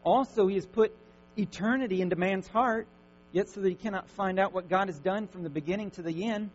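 A man preaching a sermon, swinging from loud, fervent declaring to hushed, gentle reassurance. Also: high voice, a little fast. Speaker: pastor. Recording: dull lo-fi recording with faint mains hum.

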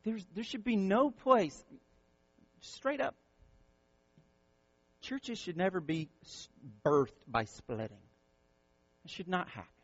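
A male pastor preaching an impassioned sermon, repeating words and swinging from loud peaks to soft, quiet lines. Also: on the high side, breathy edge, no room sound, highs cut off.

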